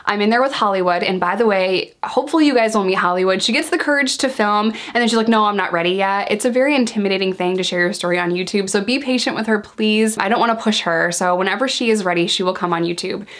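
A woman's voice: mid-range voice, quick pace, hardly any pauses. Woman vlogger, candid storytime, blunt and profane, mid-range voice, acts out quotes. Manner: frank, animated storytelling that acts out quoted dialogue. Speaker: vlogger sharing her jail experiences.

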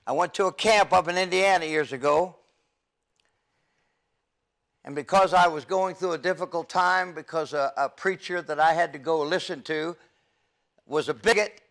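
An older man and youth evangelist giving an earnest, halting testimony from the pulpit, with frequent stammers and restarts. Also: fairly high pitch, a bit bright. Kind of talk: testimony sermon.

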